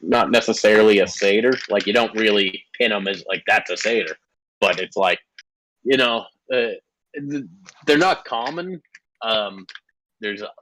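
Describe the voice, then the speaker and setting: A man with a lowish voice runs a tabletop game, narrating scenes in a halting, self-correcting way. A faint hiss of noise sits under his voice. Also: sharp tone, rough recording. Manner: hesitant, restarting, laughs often. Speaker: game master.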